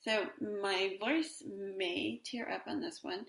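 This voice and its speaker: A woman's voice: mid-range voice, slow, gravelly, a bit bright, roomy sound. A woman in her forties hosting a solo podcast in a casual, rambling way, with many fillers and restarts. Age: 40s. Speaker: podcast host.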